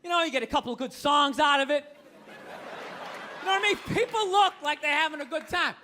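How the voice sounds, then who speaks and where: A man's voice: extremely high pitch, a little fast, bright, forceful tone, some chatter behind, a little hiss or hum. A man doing a stand-up comedy routine on stage, ranting in an exasperated, profane way. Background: audience laughter.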